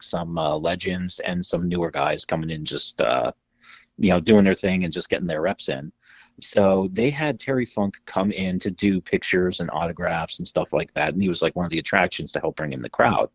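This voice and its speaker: A man co-hosting a podcast, telling stories in casual chat, animated and swearing freely. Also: low voice, breathy edge, no echo, muffled recording. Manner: animated storyteller, acts out quotes, swears freely. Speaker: podcast co-host.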